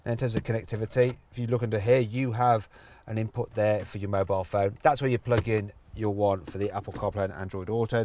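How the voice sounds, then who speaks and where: A man's voice: lowish voice, darkish tone, a little hiss or hum. A man presenting a car review in a chatty, jokey way with playful asides, talking in and around a car.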